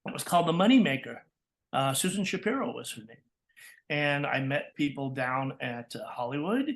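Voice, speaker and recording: An older man from Texas, a voice actor telling lively stories in an interview, acting out quotes and laughing often. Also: mid-range voice, moderate pace. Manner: animated, acts out quotes with laughs. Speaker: guest, voice actor and coach. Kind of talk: storytelling interview.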